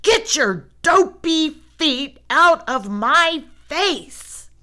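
A woman voicing a grumpy young boy bear cub who shouts and snarls in a storybook. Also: sits high, very animated, drawn-out words, pitched above the performer's own voice, exaggerated voice. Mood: angry.

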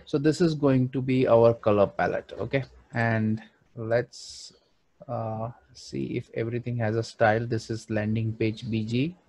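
A man's voice: mid-range voice, fairly even intonation, unhurried, darkish tone, dry recording. A man thinking aloud with frequent fillers as he narrates a screen-recorded design tutorial. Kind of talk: screen-recorded software walkthrough.

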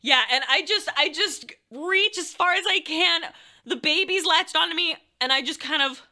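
Young woman, high bright voice, animated storyteller, crude and self-mocking, chatting to viewers. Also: moderate pace. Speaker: streamer telling a story. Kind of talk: casual storytelling to chat.

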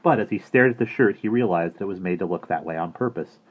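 A man reading a children's book aloud in a lively, expressive way, in a muffled lo-fi recording. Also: deep voice, fast, breathy edge. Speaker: audiobook reader. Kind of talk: storybook narration.

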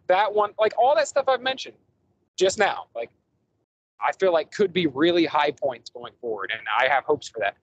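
A man's voice: on the high side, low-quality recording. Rambling man chatting movies on a podcast. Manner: rambling, enthusiastic, frequent fillers and restarts. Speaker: podcast host. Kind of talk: casual podcast movie review chat.

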